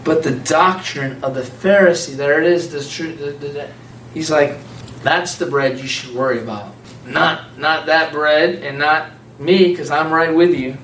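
A man preaching an informal, conversational sermon, animated and laughing often as a small group answers him. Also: a little high, unhurried, a little hiss or hum. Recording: echoey room from far off.

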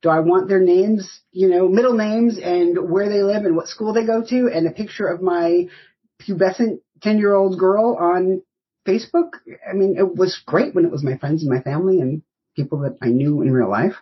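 A woman's voice: fairly low pitch, moderate pace, husky, dull audio. A woman in her fifties from the United States, a podcast guest telling rambling, anecdotal stories in casual interview chat. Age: 50s.

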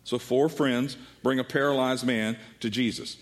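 A middle-aged man preaching a sermon as a pastor, telling a Bible story with animated delivery and acting out the voices of the people in it. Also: mid-range voice, moderate pace.

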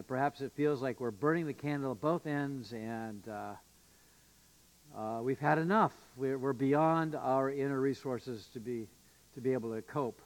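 A male pastor giving an earnest, emphatic sermon with occasional fillers and restarts. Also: medium pitch. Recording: long reverb of a church hall.

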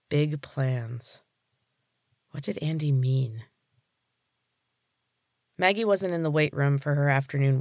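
Man reading a story, steady and dry. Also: fairly high pitch, dry recording. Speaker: story reader. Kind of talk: scripted audiobook narration.

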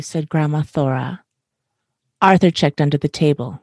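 Low-voiced woman reading a children's story. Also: a little slow, a little mellow, no echo, clean studio sound. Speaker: storybook reader, mother of four. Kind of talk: children's story read-aloud.

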